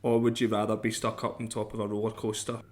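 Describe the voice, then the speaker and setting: A man's voice: on the low side, monotone, fast talker, darkish tone. Man teasing on a podcast. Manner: teasing, laughs often, says "mate". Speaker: podcast co-host. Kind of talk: casual chat.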